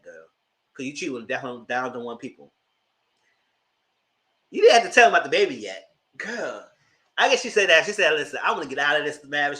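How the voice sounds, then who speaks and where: A man's voice: fairly high pitch, bright, forceful tone. A man with hosting a casual live TV review, talking in slang, laughing often and acting out characters' lines. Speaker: host.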